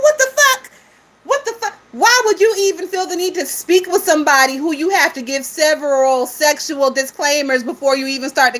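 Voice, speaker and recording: A woman's voice: high voice, a bit bright. A woman hosting a gossip livestream, talking casually and profanely with lots of laughter and mocking asides while reading viewer comments.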